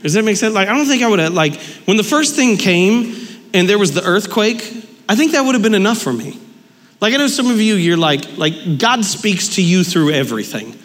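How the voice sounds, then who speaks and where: A man preaching a lively, conversational sermon, talking with his congregation and acting out quoted dialogue. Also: high voice, brisk, big-room sound. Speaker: pastor. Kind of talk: lively sermon with audience interaction.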